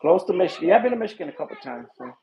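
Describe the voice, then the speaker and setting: A man's voice: high-pitched, sing-song, rapid-fire, gravelly, dark tone. A man from Illinois, a police detective, chatting casually and laughing easily with viewers on a phone livestream outdoors at night. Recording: dull lo-fi phone stream with background noise.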